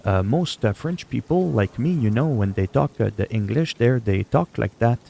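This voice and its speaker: A man's voice: mid-range voice, animated, moderate pace, gravelly, mellow. A man putting on a thick, hammy French accent that halts on fillers as he jokes around. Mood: mocking.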